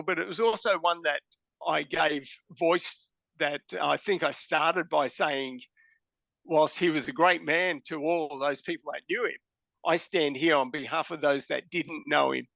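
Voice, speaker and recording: A man's voice: fairly high pitch, fairly even intonation, a little slow, vocal fry, fairly bright tone, no echo. A man with an Australian accent, a podcast guest telling stories casually and bluntly, swearing freely. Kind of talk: casual storytelling.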